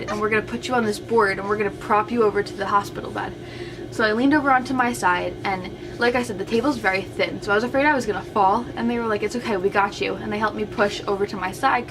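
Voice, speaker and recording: A woman's voice: mid-range voice, fairly even intonation, quick pace, background noise. A young woman casually telling a personal story to camera as a vlogger, chatty and full of "like", quoting what others said. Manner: chatty, heavy use of "like", retelling with quoted voices.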